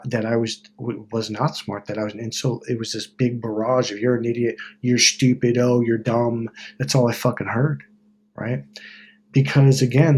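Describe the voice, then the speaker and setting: A man's voice: mid-range voice, darkish tone, a little hiss or hum. A man from Wisconsin talking to camera in a rambling, profane, self-correcting monologue about self-help. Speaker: self-help video host. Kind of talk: casual monologue.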